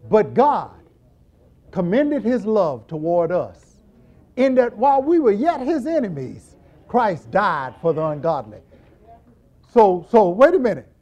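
A man's voice: high voice, unhurried, highs cut off. A middle-aged man, a church deacon, giving a humorous Bible teaching and acting out little scenes as he goes. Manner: animated, acts out scenes with quoted voices, jokes and laughs.

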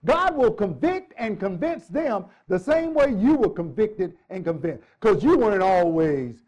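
Very high-pitched, lively male preacher. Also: measured pace. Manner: emphatic, repeats phrases, jokes with the congregation. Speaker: pastor. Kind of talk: sermon. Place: church.

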